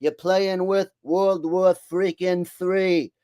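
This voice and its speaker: A man's voice: high voice, steady tone, slow, mellow, clear, resonant tone, no room sound. A man doing an impression of a boastful, blustering older male president who repeats himself and bullies his listener. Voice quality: repetitive, bragging, bullying cadence.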